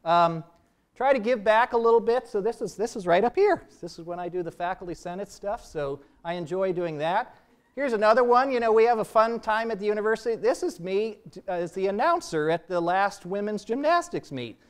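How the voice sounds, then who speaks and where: High, smooth-voiced older male professor. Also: a little fast. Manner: relaxed, self-deprecating asides, restarts sentences. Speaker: biology professor giving a lecture. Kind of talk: public lecture and Q&A. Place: lecture hall.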